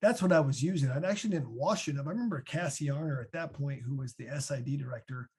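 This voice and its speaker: Husky chatty Midwestern man. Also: medium pitch, fast talker. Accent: Midwestern American. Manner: chatty, animated storyteller. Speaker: podcast guest, former linebacker. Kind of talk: casual podcast Q&A.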